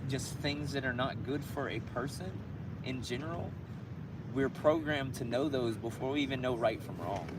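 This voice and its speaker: A man talking in an earnest, reflective way during a casual conversation outdoors near traffic. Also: medium pitch. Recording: distant voice over loud street noise.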